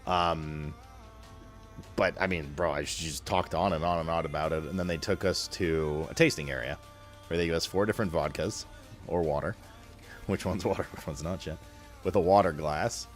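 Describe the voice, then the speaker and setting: Young man, deep voice, rambling streamer chat, slangy, faint music behind. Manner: rambling, filler-heavy, slangy. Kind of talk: casual chat to stream viewers.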